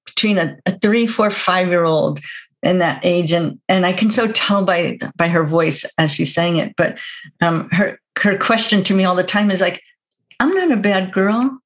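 A woman talking as a guest on a podcast in a reflective, gentle way, often laughing softly. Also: fairly low pitch, normal speed. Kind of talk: casual podcast conversation.

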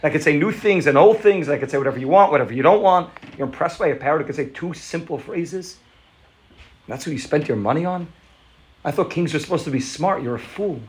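A man's voice: on the high side, lively intonation, a little fast, close to an everyday voice. A man voicing a blunt, scoffing villager. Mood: scornful. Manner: scornful, rhetorical questions. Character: plain-spoken male villager, blunt and mocking.

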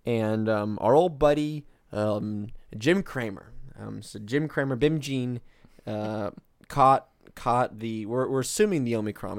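In clean studio sound with no room noise, a smooth, mid-range male voice chats casually on a political podcast he co-hosts. He rambles and uses plenty of fillers.

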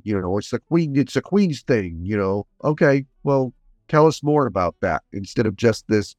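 A man's voice: lowish voice, dry recording. A man co-hosting a film podcast in casual chat, speaking bluntly and critically. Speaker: podcast co-host.

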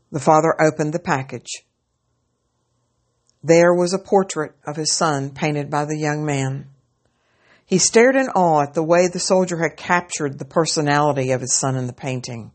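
A woman narrating a story aloud in a slow, measured reading. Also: sits low.

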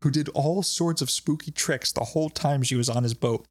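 A man's voice: a little high, moderate pace, no room sound, studio quality. A man hosting a podcast, telling stories in a loose, laughing way with plenty of swearing. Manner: laughing, profane, loose storytelling. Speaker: podcast host. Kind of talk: casual chat.

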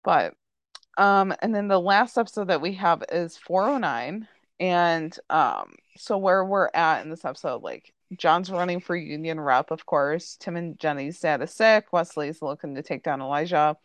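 A woman's voice: on the low side, animated, normal speed, dry recording. A woman hosting a casual podcast chat, recapping a TV episode and peppering her talk with "like" and "um". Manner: chatty, full of "like" and "um" fillers. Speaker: podcast host.

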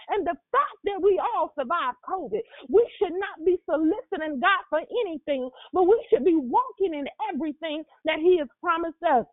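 A woman's voice: very high voice, dry recording. A woman preaching a sermon in a fervent, rhythmic style, repeating her lines and at times her voice breaks with emotion. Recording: dry, tinny phone-like sound.

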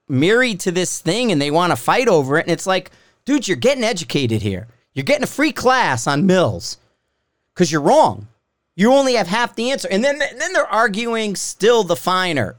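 A man's voice: sits high, very animated, normal speed, no room sound, clean studio sound. A man hosting a podcast as a shooting instructor, ranting in a casual, exasperated, profane way and mocking others in put-on voices.

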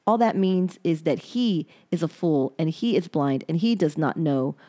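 Woman podcast host with a somewhat low voice, reading her own journal aloud, frank and reflective, swears bluntly. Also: expressive, normal speed, mellow.

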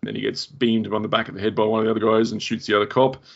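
Gravelly-voiced Australian guy reviewing a movie. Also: lowish voice, little pitch movement, very fast, dull audio. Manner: enthusiastic, laughs often, recounts scenes. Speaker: podcast host. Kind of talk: casual movie review chat. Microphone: home podcast mic.

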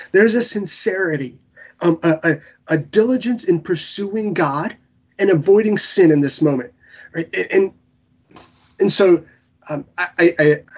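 An earnest man preaching a Bible-teaching sermon in a slightly high, husky voice. He pauses, restarts and piles up words while sounding emotional. The recording is somewhat muffled and lo-fi. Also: darkish tone. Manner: earnest, halting, with many restarts and fillers.

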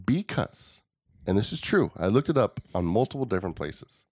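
A man in his thirties hosting a podcast, chatting casually and telling stories in an animated way. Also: lowish voice, normal speed, breathy edge, dry recording, clean studio sound. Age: 30s. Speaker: podcast host. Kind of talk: casual chat.

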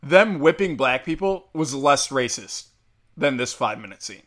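A young man rants in a casual, profane commentary, heated and sarcastic, with lots of fillers. His voice is bright and forceful, sitting at a middle pitch. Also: expressive, moderate pace. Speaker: commentary host.

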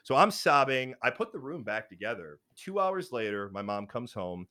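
A man's voice: mid-range voice, big pitch swings, normal speed, bright, forceful tone, no echo, clean studio sound. A man telling a personal story in casual chat, frank and rambling with many fillers and restarts.

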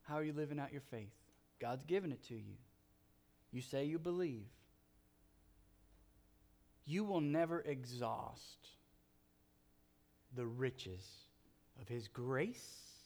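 A man's voice: mid-range voice, lively intonation, a little mellow. A man preaching as a pastor, leading the congregation into an earnest closing prayer with emphatic pleas. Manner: earnest, slow and emphatic, rising to fervent pleas.

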